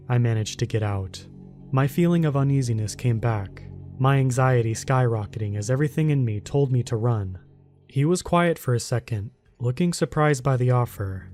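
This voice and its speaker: Man, horror story narrator, calm and steady, mellow dark tone, faint music underneath. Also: mid-range voice, normal speed.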